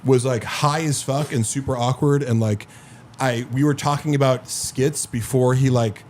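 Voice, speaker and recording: A man's voice: mid-range voice, fairly even intonation, moderate pace, darkish tone, a little hiss or hum. Rambling profane man telling stories. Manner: rambling storyteller, heavy filler 'like', profane. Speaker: podcast host. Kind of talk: casual chat.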